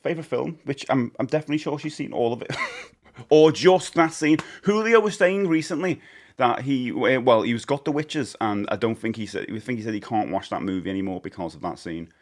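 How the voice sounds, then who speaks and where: A man's voice: mid-range voice, fairly quick. A man chatting casually on a live game stream, jokey and talkative as he greets his chat by name. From England.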